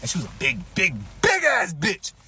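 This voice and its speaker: A man's voice: high voice, normal speed, a little hiss or hum. A man telling a profane, comedic personal story, acting out what people said. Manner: animated, profane, acts out quotes.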